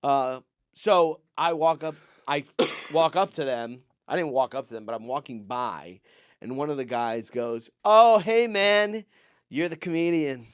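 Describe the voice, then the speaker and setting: A man and comedian on a podcast telling rambling stories, acting out the people he quotes in a higher voice. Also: measured pace, clear, resonant tone, no echo, studio quality. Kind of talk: casual storytelling chat.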